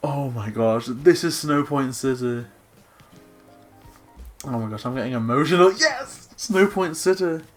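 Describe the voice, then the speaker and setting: A man co-hosting a video, giving excited game commentary with gushing exclamations and gasps. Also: medium pitch, a little slow, long pauses, soft background music. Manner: gushing, gasping, breathless exclamations. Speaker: co-host touring a game island.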